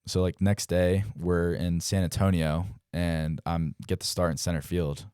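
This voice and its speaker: Brief: man in his twenties, from Delaware, interview guest, rich smooth low voice, laid-back storyteller. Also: a little slow, no echo, studio quality. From Delaware, United States. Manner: relaxed, heavy use of "like" and "um", acts out quotes. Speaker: guest, professional baseball player.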